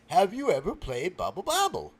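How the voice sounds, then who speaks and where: A man's voice: sits high, wildly swooping pitch, exaggerated voice. A man putting on a touchy guy who garbles his words. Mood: impatient. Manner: garbled, mixed-up words, touchy and quick to take offense. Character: whiny adult male guest with a speech impediment. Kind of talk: comedic character sketch.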